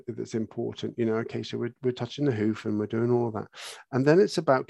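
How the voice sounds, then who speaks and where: A horse trainer talks through his methods in an interview, eager and quick to act out what he and the horse might say. His voice is gravelly with a creaky edge at a middle pitch. The sound is close and dry, with no room around it. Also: no echo. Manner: animated, explains by acting out dialogue. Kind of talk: podcast interview answers.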